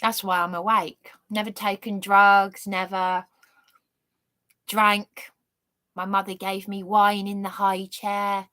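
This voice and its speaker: Slow, indignant woman ranting. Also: medium pitch, little pitch movement, pushed and bright, no echo. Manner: indignant, sweary, sarcastic ranting. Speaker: livestreamer. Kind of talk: angry monologue on a livestream.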